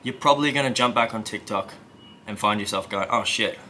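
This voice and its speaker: Bright-voiced man giving motivational coaching. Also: fairly low pitch, fairly quick, a little hiss or hum. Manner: emphatic, conversational, keeps checking in with "right?". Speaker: self-help coach.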